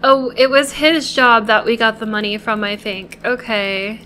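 High-voiced woman coaxing her game characters. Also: fairly even intonation, a little slow, sharp tone, a little hiss or hum. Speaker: gameplay video host. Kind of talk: casual gameplay commentary.

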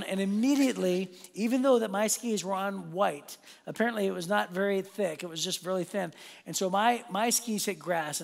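A man preaching a sermon as a pastor, telling a personal story in an animated, self-deprecating way and speaking straight to the congregation. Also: high-pitched, gravelly. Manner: animated, self-deprecating, addresses the audience directly. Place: church auditorium. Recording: long hall reverb.

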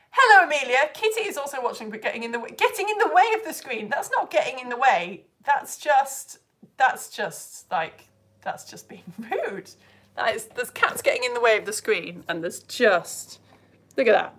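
A woman's voice: fairly high pitch, big pitch swings, normal speed, fairly bright tone. Bubbly woman teacher on a live stream. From United Kingdom. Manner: bubbly, laughs often, greets viewers by name. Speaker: online teacher.

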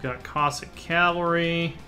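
A man's voice: a little high, fairly even intonation, measured pace, sharp tone, faint music behind. A man hosting a strategy game playthrough, thinking aloud as he clicks through menus and muttering half-finished plans. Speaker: let's play host. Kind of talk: casual gameplay commentary.

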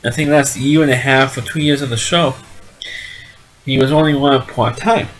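A man's voice: medium pitch, fairly even intonation, moderate pace, poor audio. A man with a nasal voice casually reviewing a sitcom, rambling with frequent restarts and repeated words. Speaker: TV show reviewer.

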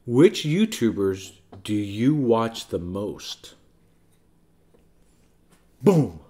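Easygoing man in his thirties, slow and mellow, chatty family vlog host, lively intonation. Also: on the low side. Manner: gentle, patient, talking to a child between bites. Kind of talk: casual family chat while eating.

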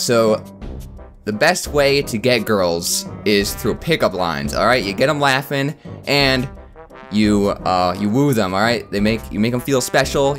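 A man's voice: mid-range voice, fairly bright tone. A man giving live comedic gameplay commentary, rambling and stammering with self-mocking humor. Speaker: gaming YouTuber.

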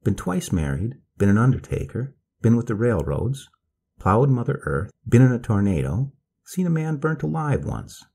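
A man voicing a soft-spoken, drawling male escaped convict, polite and slow. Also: mid-range voice, very animated, gravelly, breathy edge, pitched above the performer's own voice, heavily acted. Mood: calm polite.

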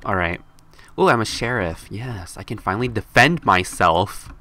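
A young man streams a video game live, joking with chat and shrieking in mock fear when cornered. He's playful, squeals high when scared, and speaks at a normal speed with lively intonation and a sharp tone.

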